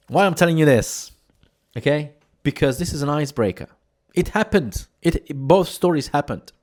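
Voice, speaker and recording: A Hungarian man with a Hungarian accent mixed with British English, telling stories to camera in a lively, laughing way. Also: a little high, normal speed. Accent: Hungarian, with British English traces. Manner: animated, laughing, mimics shouting in anecdotes. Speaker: entrepreneur speaking to camera. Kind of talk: casual storytelling talk to camera.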